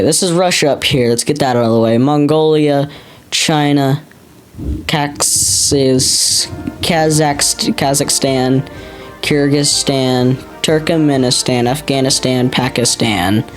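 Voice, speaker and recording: A man's voice: mid-range voice, poor audio. A man from the United States talking casually as he names countries on a map, unsure and thinking aloud, often repeating names to himself. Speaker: geography vlogger. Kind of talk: casual commentary while labeling a map.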